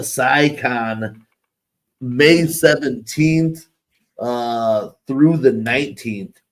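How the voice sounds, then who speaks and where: A man's voice: mid-range voice, low-quality recording. A man co-hosting a live webshow, reading out event news in a casual way. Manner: unhurried, reads news items aloud. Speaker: co-host. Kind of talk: casual chat, reading announcements.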